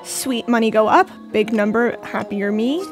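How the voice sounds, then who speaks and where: Gaming from home in a cold indoor room, a young woman keeps up chatty, playful commentary aimed at her chat. She speaks over music in a slightly high voice at a moderate pace.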